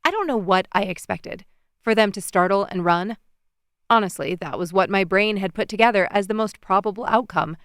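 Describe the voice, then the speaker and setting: A woman narrates a first-person romance novel with expressive storytelling. Her voice is smooth and resonant at a mid pitch, and the close studio recording is dry with no room sound. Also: normal speed, no room sound. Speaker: audiobook narrator.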